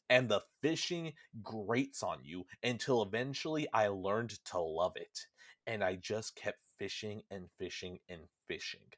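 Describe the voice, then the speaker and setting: Young man, podcast host, casual chat, animated, swearing, mid-pitched. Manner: animated, swears freely, acts out characters. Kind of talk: casual chat recapping a game.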